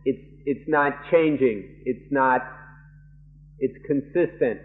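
A male monk interprets a dharma lecture live, working through each idea in short, deliberate phrases with pauses and restarts. He talks very slowly at a middling pitch. The sound is a narrow, muffled archival tape. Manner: measured, halting phrases with frequent pauses and restarts.

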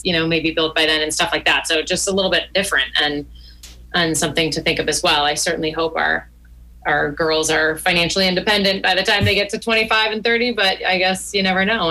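A woman's voice: low-pitched, pushed and bright, low-quality recording. A woman co-hosting a money podcast in casual chat, chatty with many fillers. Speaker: podcast co-host.

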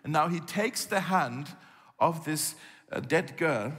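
A man delivers a sermon as an easygoing storyteller and slips into the voices of the people in the story. His voice sits a little high for a man. The sound rings with the long reverb of a large hall. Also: lively intonation, takes it slowly, a bit bright. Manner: conversational storytelling, acts out quoted lines. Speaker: pastor.

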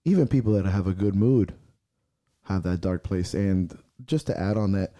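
A man speaks with a deep, very dark and mellow tone in a loose podcast chat. He tells his story with raw intensity and a lot of swearing, and he acts out the heated self-talk he used to push himself. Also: moderate pace, no echo. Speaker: strongman athlete and podcast guest. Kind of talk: casual podcast conversation.

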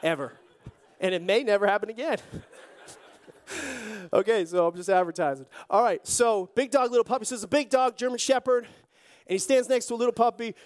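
A pastor preaching a sermon with lively storytelling and jokey asides. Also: medium pitch, fairly quick, long pauses.

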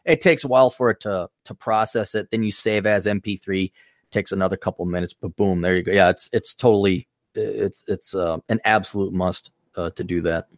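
A man's voice: sits low, fairly quick, no room sound. Middle-aged man, Upper Midwest accent, rambling podcast host, wisecracks, dry close sound. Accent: Upper Midwest American. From Milwaukee, US. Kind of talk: casual podcast chat.

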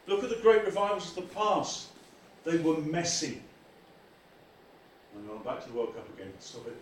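A man preaching a lively sermon as pastor, acting out quoted voices as he goes. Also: fairly high pitch, moderate pace, slight background noise. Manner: animated, acts out quoted voices. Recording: echoey room from far off.

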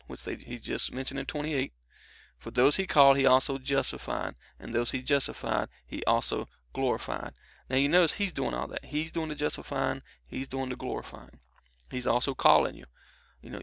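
A middle-aged man teaching scripture on a broadcast, his voice gravelly and bright. He talks loosely and conversationally, with many fillers and restarts. The recording is close and dry. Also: mid-range voice, dry recording. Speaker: Bible teacher.

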